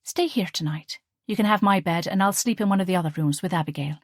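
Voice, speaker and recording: A woman voicing an earnest young female student in love, speaking in a higher, eager and pleading way. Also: fast, no echo, studio quality, natural voice.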